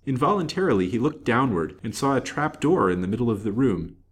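A man reading a serialized novel aloud in a measured, dramatic way. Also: mid-range voice, big pitch swings, husky. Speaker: storyteller.

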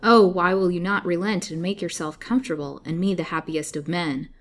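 A woman voicing a cold, insistent young male suitor in a storybook reading, speaking forcefully. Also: deep voice, a little fast, natural voice. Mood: pleading. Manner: forceful, imploring then menacing.

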